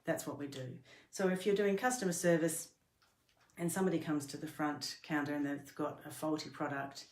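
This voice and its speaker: A middle-aged woman with a low voice gives a workplace training talk. She explains earnestly and patiently, now and then stumbling and restarting a phrase. The room around her rings with a noticeable echo. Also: fairly even intonation, fairly quick, darkish tone. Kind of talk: instructional talk to camera. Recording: roomy echo.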